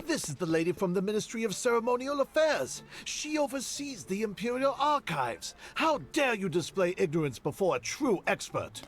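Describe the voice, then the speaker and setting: A man's voice: high voice, sing-song, moderate pace, few pauses. An actor voicing an indignant bookstore owner in a game who scolds his clerk in a pompous way. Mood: scolding. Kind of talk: game voice acting.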